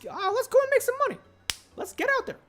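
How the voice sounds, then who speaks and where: Mickey Mouse, squeaky and gleeful. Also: male voice, fast talker, soft background music. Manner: excited, high falsetto exclamations. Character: cheery squeaky male cartoon mouse.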